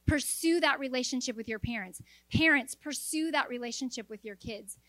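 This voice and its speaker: A middle-aged woman preaching a sermon, earnest and exhorting, with quick joking asides. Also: sits high, fairly bright tone, no room sound. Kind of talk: sermon to a women's audience.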